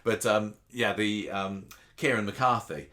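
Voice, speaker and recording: A man with a notably deep voice chats casually as a podcast co-host. He rambles, restarting his sentences and piling on asides as he goes. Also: steady tone, measured pace, a bit bright. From England. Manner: chatty, rambling with many restarts. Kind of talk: casual chat about a soap opera.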